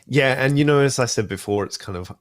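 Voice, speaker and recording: A young adult Australian man guests on a casual podcast, speaking fast at a medium pitch. He talks thoughtfully about film music, using lots of fillers, in studio-quality sound with no room noise.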